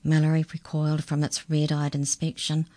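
A woman reading a children's story aloud in a calm, measured storytelling voice. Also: sits low, no echo. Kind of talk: storybook narration.

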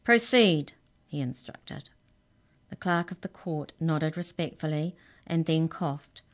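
A woman with a low voice reads a children's story aloud. Her narration is clear and expressive, and she brings the figures in smoothly. She sounds like a seasoned storyteller. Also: slow pace.

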